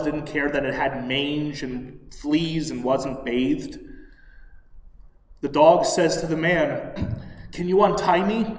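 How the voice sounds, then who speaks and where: Slow-speaking man in an echoey sanctuary. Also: fairly high pitch. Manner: unhurried storytelling, clears throat often. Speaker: service leader. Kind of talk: sermon with a told joke. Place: synagogue sanctuary. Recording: echoey hall, far from mic.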